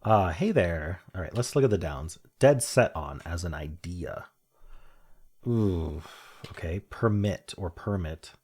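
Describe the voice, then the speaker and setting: His voice sits low, slightly mellow and breathy, animated but measured in pace. He's a young puzzle streamer casually narrating his way through word puzzles, musing and chuckling at his own humor.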